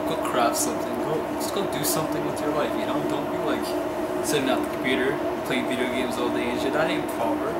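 A man's voice: medium pitch, roomy sound. Joking young man vlogging outdoors. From Canada. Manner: joking, swearing, slangy banter. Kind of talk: casual outdoor vlog. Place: outdoors in a city in winter. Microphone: handheld camera. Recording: noisy street with traffic. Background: street and traffic noise.

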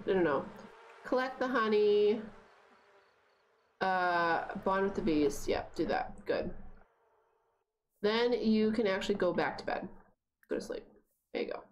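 A young woman streaming a life-simulation game, chatting casually and talking to her characters, with sudden excited squeals. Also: on the high side. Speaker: gaming streamer. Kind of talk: casual gameplay commentary.

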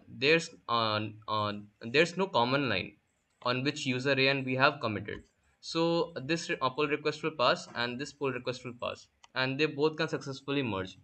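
A man's voice: medium pitch, pushed and bright. A young man explaining a coding topic step by step in a screen-recorded tutorial, with frequent fillers. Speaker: workshop instructor.

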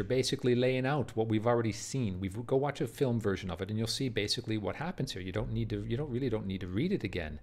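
A man's voice: medium pitch, a little fast, hardly any pauses. A man teaching a play in a video lecture, earnest and emphatic, often repeating words and checking "do you see?". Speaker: literature teacher.

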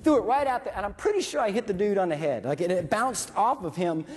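A man and military veteran telling a story to an audience, animated and acting out dialogue and sound effects. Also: high-pitched, fast. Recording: long reverb from a hall.

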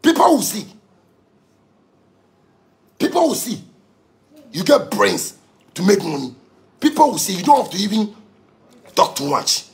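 Heated gravelly Ghanaian man ranting. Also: sits high, wildly swooping pitch, a little slow, long pauses. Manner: heated, profane, repetitive. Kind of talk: angry rant.

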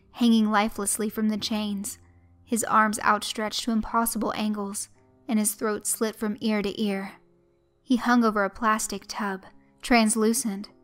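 A woman narrating a horror story in a measured, even way. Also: mid-range voice.

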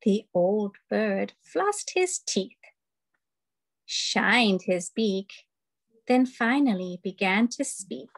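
A woman hosting a children's story time, reading picture books aloud in an animated, expressive way over a video call. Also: medium pitch, very slow, vocal fry. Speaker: storyteller host.

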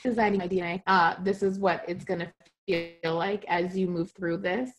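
A woman's voice: fairly low pitch, level tone, moderate pace, slight background noise. A woman teaching a spiritual class online over a video call. She talks casually, often checks in with her listeners, and jokes at her own expense. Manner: light self-mocking humor.

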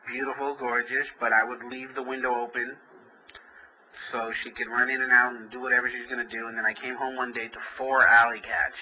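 Crude, joking man with a very bright voice. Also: mid-range voice, little pitch movement, brisk, dull audio. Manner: crude, rambling, jokey storyteller. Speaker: comedian hosting call-in show. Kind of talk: comedic call-in chat.

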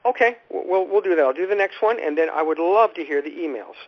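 A man's voice: high voice, lively intonation, fast. A man hosting a spiritual radio program, teaching in an informal, rambling way and often repeating words as he restarts his thoughts. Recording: dull lo-fi radio recording.

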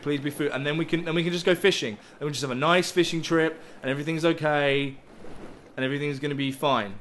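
A man's voice: a little high, fairly even intonation, normal speed, fairly bright tone, slight background noise. A man commentating a survival game as he plays, rambling and joking, swearing freely and yelping when startled. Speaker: gaming YouTuber. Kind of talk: let's play commentary.

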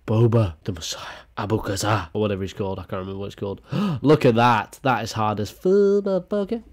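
A young British man with a British accent giving casual, excitable reaction commentary on memes, full of slang and swearing, laughing often. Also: on the low side, brisk. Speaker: meme reaction YouTuber.

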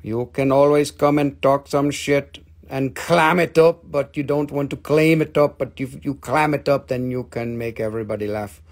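A man's voice: medium pitch, steady tone, normal speed, gravelly. A middle-aged man hosting a live crystal sales stream, rambling and joking as he shows the pieces. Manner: rambling, jokey, showing pieces up close.

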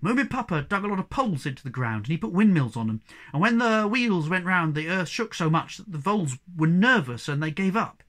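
Storybook wanderer Snufkin, calm and explaining, voiced by a male reader, bright tone. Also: high voice, a little fast.

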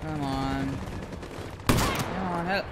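A man's voice: fairly high pitch, extremely slow, very noisy. A young man giving gameplay commentary, ranting and swearing in frustration. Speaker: gamer. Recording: game gunfire under the voice.

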